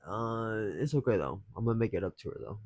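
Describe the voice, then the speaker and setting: A man's voice: on the low side, expressive, brisk, a little mellow, no echo. A young man telling a rambling story in casual chat as a dating advice vlogger, slangy, swearing freely and chuckling often.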